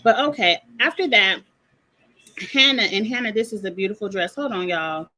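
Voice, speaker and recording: A woman's voice: medium pitch, moderate pace, bright, forceful tone, rough recording. A woman recapping a reality show in a casual, blunt, sassy way, full of slang and asides.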